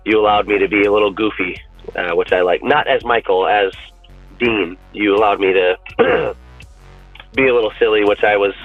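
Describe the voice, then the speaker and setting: A man chatting casually as a podcast guest, rambling and animated, swearing freely with lots of restarts. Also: fairly low pitch, moderate pace, dry recording, faint music behind. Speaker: podcast guest and fan-film actor. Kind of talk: casual chat. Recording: tinny phone-like line.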